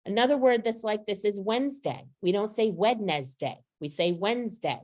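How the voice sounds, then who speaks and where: A woman's voice: medium pitch, brisk, a little mellow. A woman training teachers over a video call, explaining step by step and asking the group questions. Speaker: literacy trainer.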